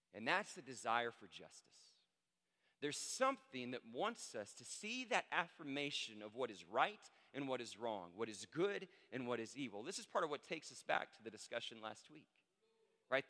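A man in his thirties preaching a sermon, an animated storyteller who acts out the quotes. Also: mid-range voice. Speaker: pastor. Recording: long hall reverb.

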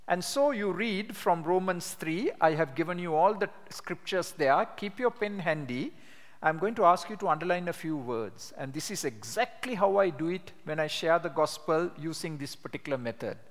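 An older man with a fairly high, expressive voice teaches a class on sharing the gospel, telling animated stories and reading scripture slowly with emphasis. The recording has a long hall reverb.

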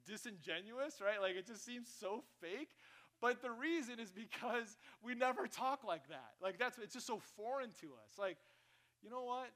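A male pastor preaching a conversational, joking sermon in church, with sudden loud bursts. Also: very high voice, moderate pace.

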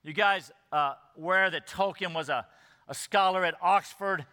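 Male preacher, sermon, emphatic and earnest, rhetorical questions, sharp bright tone, echoey hall. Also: sits high, moderate pace, smooth. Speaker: pastor. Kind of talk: expository sermon.

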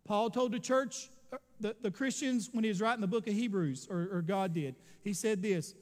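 A pastor preaching a sermon in a high, ringing voice. He swells into sudden loud bursts, then slows to drawn-out words for effect. The church behind him carries a long, lingering reverb. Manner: preaching with sudden loud surges and dramatic slowdowns. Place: church sanctuary.

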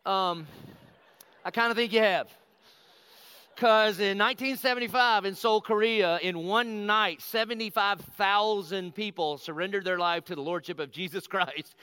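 A middle-aged man, a pastor, telling a personal story in a lively conversational sermon and acting out the quotes. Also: high-pitched, moderate pace, few pauses, clean tone, no room sound. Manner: animated, conversational, acts out quotes.

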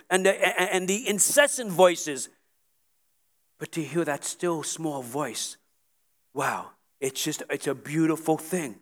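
A middle-aged male pastor preaching a sermon, earnest and often repeating words, building to emphatic peaks. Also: high-pitched.

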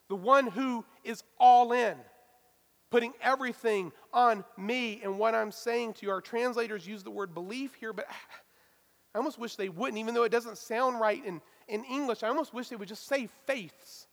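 A man with a notably high voice preaches a sermon, pressing hard on key words and then dropping into quiet asides. His voice rings out in a large space with a long, trailing reverb. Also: normal speed, vocal fry. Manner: emphatic preaching, swinging from loud stresses to hushed asides. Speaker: pastor.

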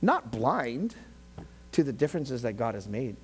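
A man preaching a sermon as a pastor. He alternates between quiet, slow phrases and fast, passionate passages, and acts out voices of biblical figures. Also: medium pitch, very animated, slight background noise. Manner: swings from quiet to loud, shouting passionately at peaks.

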